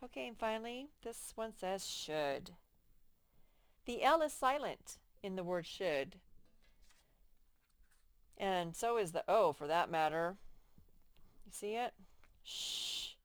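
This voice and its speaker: Slow, patient woman teaching phonics. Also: mid-range voice, lively intonation, no echo. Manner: slow, clearly stretched-out words for children. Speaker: first-grade teacher. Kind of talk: slow, patient phonics lesson to young children.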